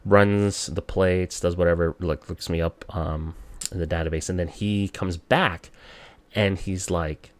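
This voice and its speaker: A young man from the Philippines casually retelling a personal story, animated and acting out the dialogue. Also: deep voice, a little slow, dry recording.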